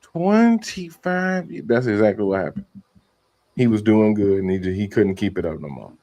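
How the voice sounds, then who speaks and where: A man's voice: lowish voice, animated, moderate pace, warm tone, lo-fi sound. A man co-hosting a podcast, reacting to a story in incredulous, casual banter. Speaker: podcast co-host. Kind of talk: casual chat.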